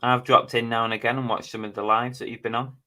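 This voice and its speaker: Reading viewers' names and comments aloud, a middle-aged live stream host chats casually. He talks fast in a mid-range voice with a flat delivery and sharp tone.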